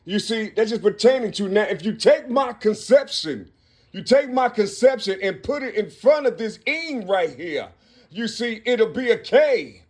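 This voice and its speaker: A man with a notably high voice talks in a rambling monologue he records himself. He works through numbers and letters aloud, repeating himself and asking "you see?" over and over. His delivery is halting and full of restarts. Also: lively intonation. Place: Cincinnati, Ohio.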